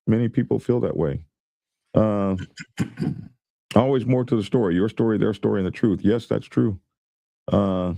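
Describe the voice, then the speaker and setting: A man's voice: medium pitch, vocal fry, dark tone, no room sound. A man hosting a show, giving rambling casual commentary and reading viewer comments aloud. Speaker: host.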